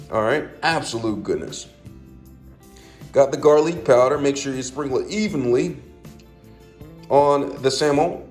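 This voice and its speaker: A man giving a casual cooking demonstration at home, folksy and full of repeated catchphrases, dropping his voice on little asides. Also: medium pitch. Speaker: home cook.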